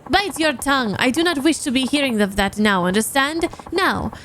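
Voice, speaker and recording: A woman's voice: high voice, animated, moderate pace, a bit bright, a little hiss or hum. A woman voicing a haughty, eccentric female pop superstar who speaks in grand, broken faux-French phrasing while reading game dialogue aloud. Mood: grandiose.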